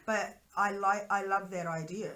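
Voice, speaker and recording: A woman's voice: mid-range voice, steady tone, a little slow, crowd noise. A woman co-hosting a radio chat, reflective and a little hesitant. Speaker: radio co-host.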